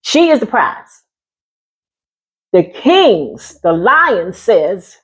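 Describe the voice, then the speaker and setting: Sassy woman with a husky, lively voice. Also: medium pitch, extremely slow, pauses often. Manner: sassy, calls listeners honey, laughs often. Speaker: vlogger giving relationship talk. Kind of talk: casual monologue to viewers.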